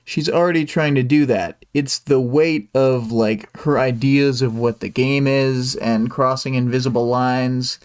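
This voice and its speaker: A man with a smooth, resonant voice at an ordinary middle pitch, hosting a livestream. He recaps a story chapter in a relaxed, casual way, often pausing on ums and uhs and adding small asides. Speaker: livestream host.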